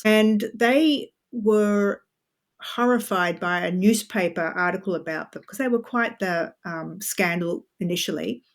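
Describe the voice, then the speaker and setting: A woman author, a podcast guest, explaining history in a chatty, animated way with frequent asides. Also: on the low side. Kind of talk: podcast interview.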